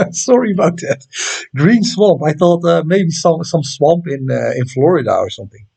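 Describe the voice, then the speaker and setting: A man with a Dutch accent and a slightly higher-pitched voice talks casually on a live stream. He reads out viewer comments and answers them in a friendly, unhurried way, with plenty of "uh" fillers as he goes. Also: expressive, vocal fry, dark tone, slightly rough. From Netherlands. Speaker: astronomy livestream host.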